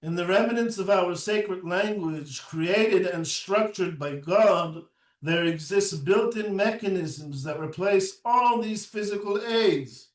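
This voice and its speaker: A man giving a recorded lecture, unhurried, who often adds a questioning "right?" and pauses on "uh". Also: high-pitched, reverberant, far from the mic.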